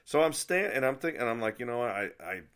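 A male vlogger tells a story as a casual, rambling rant, sounding exasperated, often restarting his sentences and swearing mildly. His voice is medium-pitched, a bit bright, fast, and expressive.

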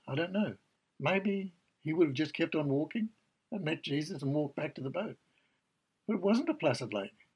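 A man's voice: medium pitch, a little mellow, breathy edge, low-quality recording. A man preaching a sermon, earnestly explaining scripture and reading passages aloud.

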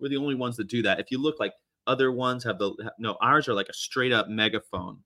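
A man's voice: mid-range voice, fast talker, sharp tone. A middle-aged man chatting casually on a stream, sarcastic and rambling, laughing often. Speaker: livestream host. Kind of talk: casual chat reacting to comments.

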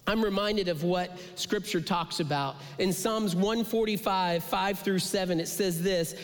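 Male pastor, high pitch, preaching with passion in a big echoing sanctuary; drops low and soft for emphasis. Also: lively intonation, a little slow. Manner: impassioned preaching with dramatic pitch drops and whispered asides. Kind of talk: sermon. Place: large church sanctuary. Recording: long hall reverb.

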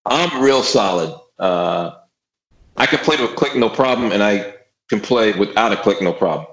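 A man's voice: lowish voice, expressive, normal speed, fairly bright tone, highs cut off. A man who plays drums, chatting casually in a podcast. He swears freely, repeats his words and acts out what he once said. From Austin, Texas. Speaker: guest drummer. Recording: echoey room.

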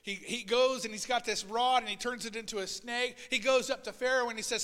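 A man preaching a sermon as pastor, swinging between loud, urgent passages and quiet asides, and voicing Bible figures in a raised voice. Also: very high-pitched, steady tone, fairly quick, in a large hall. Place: church sanctuary.

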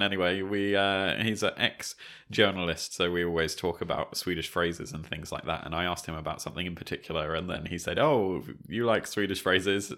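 Man, somewhat low voice, podcast co-host, easygoing, lots of uh fillers. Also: pushed and bright. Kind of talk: casual chat and history narration. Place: home flat.

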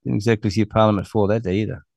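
A man's voice: fairly low pitch, fairly even intonation, very fast, creaky, a little mellow, no room sound, clean studio sound. Profane, scornful New Zealand man ranting. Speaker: online show host. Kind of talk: ranting monologue.

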